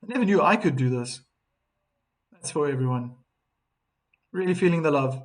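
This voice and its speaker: A man's voice: a little high, lively intonation, normal speed. A man doing live tennis commentary on a stream, chatting and reading out viewer comments between points.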